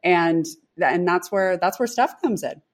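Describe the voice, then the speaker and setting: A woman's voice: lowish voice, measured pace. A woman brand founder in an interview, talking in a chatty way with many fillers. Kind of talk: interview answer.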